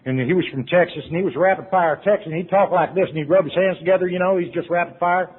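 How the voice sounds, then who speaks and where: A middle-aged man giving an earnest personal testimony to a recovery convention audience, swinging from loud to hushed. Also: high-pitched, quick pace, slightly rough. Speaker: recovery meeting speaker. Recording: tinny lo-fi tape recording.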